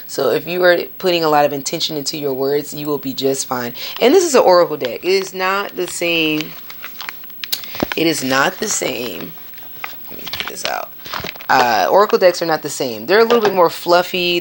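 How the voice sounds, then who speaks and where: Low, gravelly-voiced woman podcast host. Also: fairly bright tone. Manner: candid and profane, with sudden high-pitched outbursts. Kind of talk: casual spiritual monologue.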